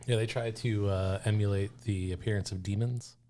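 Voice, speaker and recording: A man's voice: fairly low pitch, slight background noise. A man co-hosting a casual podcast, talking in a laid-back, easygoing way. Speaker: podcast co-host.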